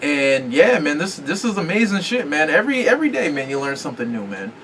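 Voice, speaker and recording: A man's voice: a little high, big pitch swings, brisk, fairly bright tone. A man hosting a podcast in casual chat, rambling and profane, often stopping to search for words. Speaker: podcast host. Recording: distant mic with faint room noise.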